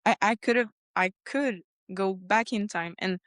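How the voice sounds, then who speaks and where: A woman speaks as a podcast guest, her voice smooth and resonant and set at an ordinary middle pitch. She recounts her story earnestly and livens up when she retells conversations. The sound is dry and close, with no room around it. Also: a little slow, fairly bright tone, dry recording. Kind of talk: personal testimony in a conversation.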